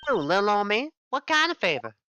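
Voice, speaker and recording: A man's voice: high-pitched, big pitch swings, brisk, pushed and bright, dull audio, soft background music, voice pushed up, exaggerated voice. A man voicing a chatty, folksy Southern woman photographer with a put-on drawl. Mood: chipper. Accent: American Southern (put on).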